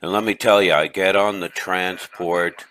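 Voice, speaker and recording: Man voicing brash chatty middle-aged guy, rambling, stammering, boisterous, deep voice, comedic voice message. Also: steady tone, moderate pace, pushed and bright, slight background noise. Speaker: caller leaving a message for a friend.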